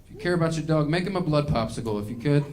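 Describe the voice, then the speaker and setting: A man's voice: on the high side, expressive, very fast, noisy background. A male stand-up comedian performing a set on stage, ranting in a mock-angry way.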